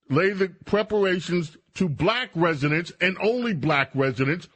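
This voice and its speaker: A man's voice: a little high, lively intonation, unhurried, few pauses, fairly bright tone. A man hosting a radio talk show, delivering commentary with sarcastic, mocking asides.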